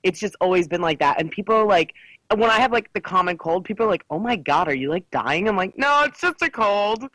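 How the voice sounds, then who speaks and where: A woman's voice: medium pitch, expressive, brisk, a bit bright, no room sound, poor audio. A woman co-hosting a podcast in casual, jokey chat, slipping into silly voices. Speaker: podcast co-host.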